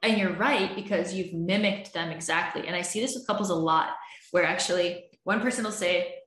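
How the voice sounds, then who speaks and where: A woman's voice: fairly low pitch, fairly quick, a bit bright, reverberant. A woman, a relationship coach, explaining communication in an earnest, explanatory way and acting out what partners say to each other. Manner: earnest, explanatory, acts out couples' arguments. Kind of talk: advice podcast monologue.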